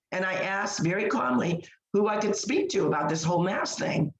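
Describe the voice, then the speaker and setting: A woman co-hosting a podcast tells a story in casual conversation, emphatic and full of fillers and restarts. Her voice is on the low side, at a moderate pace with few pauses, and the room sounds echoey.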